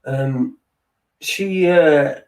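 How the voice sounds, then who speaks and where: A man's voice: on the high side, drawn-out words, a little mellow. A middle-aged man, rambling in sweary, wry late-night chat as a podcast host, heard from a little way off the mic. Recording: distant from the mic.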